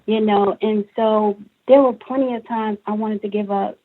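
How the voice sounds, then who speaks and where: A woman's voice: medium pitch, moderate pace, slight background noise. A woman from Brooklyn, New York, a guest author on a talk show, telling her story with feeling and acting out what people said to her. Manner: animated, emotional storytelling with acted-out quotes. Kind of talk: interview on a call-in talk show. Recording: tinny phone line.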